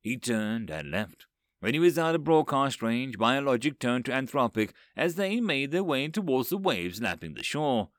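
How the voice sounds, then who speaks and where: Male audiobook narrator, animated, dry studio sound. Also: medium pitch, normal speed, dry recording. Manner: expressive storytelling. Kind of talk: audiobook narration of sci-fi short stories.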